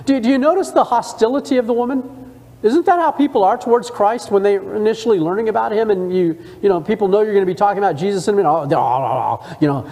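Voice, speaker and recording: High-voiced man teaching a Bible study. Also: mellow, big-room sound. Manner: reads scripture aloud and pauses to comment, conversational asides. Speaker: church teacher. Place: church sanctuary.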